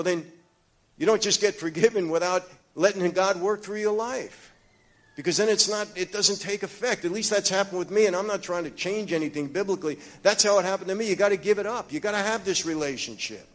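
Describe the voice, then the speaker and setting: A man with a New York accent giving a personal testimony. He talks emphatically and confidingly to his listeners, dropping to hushed low passages and rising to urgent ones.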